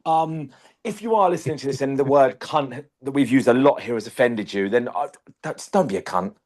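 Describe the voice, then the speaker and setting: A man's voice: medium pitch, a little fast, a little mellow. A man co-hosting a podcast in casual chat, swearing often and making emphatic jokes. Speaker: podcast co-host.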